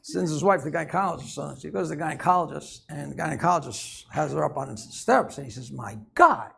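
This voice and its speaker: A woman's voice: sits low, fast, vocal fry. A woman hosting a comedy show, telling dirty jokes with a bawdy, teasing manner.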